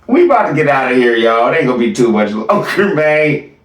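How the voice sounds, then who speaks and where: A man doing casual reaction commentary, mocking and animated, laughing often as he talks. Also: mid-range voice, brisk, echoey room, distant mic. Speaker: reaction streamer.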